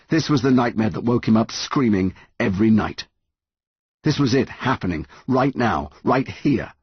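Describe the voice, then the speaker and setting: A man's voice: fairly low pitch, slightly rough, no echo, lo-fi sound. A man narrating an audiobook in a dramatic, tense reading. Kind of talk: scripted narration.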